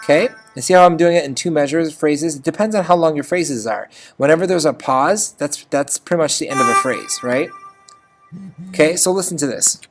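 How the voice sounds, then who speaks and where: Chatty music teacher doing a screen lesson, says okay a lot, sings little note bits, middle pitch, faint instrument music behind. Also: fairly quick. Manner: chatty, checks in with frequent "okay?", sings notes. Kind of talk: screen-recorded notation lesson.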